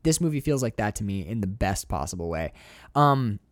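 A man's voice: fairly low pitch, sing-song, normal speed, no room sound. A man co-hosting a podcast, talking about films in an enthusiastic, rambling way with many restarts and casual swearing. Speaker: podcast co-host. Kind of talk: casual film discussion.

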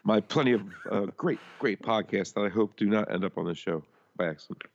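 A man's voice: on the low side, fairly quick, muffled recording. A man co-hosting a podcast, telling blunt, crude stories and laughing often. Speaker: podcast co-host. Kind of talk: crude casual banter.

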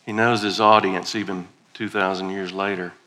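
A man's voice: sits low, level tone, normal speed, sharp tone. A middle-aged man, preaching a playful, conversational sermon as a guest preacher. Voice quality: playful, conversational, leads congregation in call-and-response.

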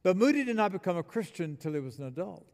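Male pastor, fervent sermon delivery, higher-pitched voice, reverberant sanctuary. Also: sing-song, fast, a little mellow. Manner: emphatic preaching with call-and-response. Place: church building.

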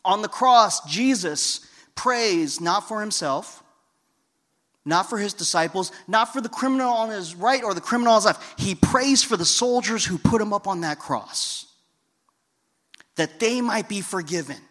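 A man preaching a sermon with a fairly high voice. He tells stories from his own life, dropping to a hush and then rising to loud, emphatic peaks. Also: expressive, unhurried. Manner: storytelling, swings between hushed and loud emphatic. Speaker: pastor.

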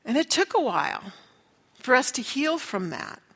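In a recording with a long hall reverb, a middle-aged woman speaks at normal speed in a high, sing-song, slightly bright voice with a breathy edge. She earnestly recounts her faith testimony, performing the voices of those she quotes.

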